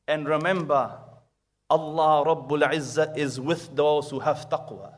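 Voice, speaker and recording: Male preacher, fairly high voice, lively storyteller moving between booming and near-whisper, rapid recitation. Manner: animated storyteller, swings between loud and hushed, fast Arabic recitation. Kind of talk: sermon with storytelling.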